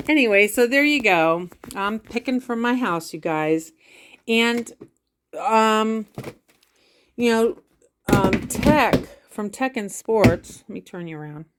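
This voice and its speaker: A woman's voice: on the high side, animated, slow, long pauses, noisy background. A woman vlogging casually from her home about reselling, rambling with lots of fillers and restarts. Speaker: vlogger sharing reselling tips. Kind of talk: casual chat to camera.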